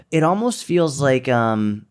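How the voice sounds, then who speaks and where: Co-hosting a podcast, a man who is a seminar speaker and fitness business coach chats casually, bluntly and with plenty of profanity, mocking people through put-on quotes. His mid-range voice is clear, resonant, slow, and sing-song.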